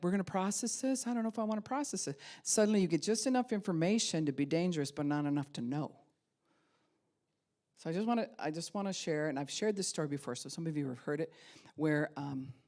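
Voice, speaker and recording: Woman pastor telling a personal story. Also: low voice. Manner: animated, acts out remembered voices. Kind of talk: storytelling sermon.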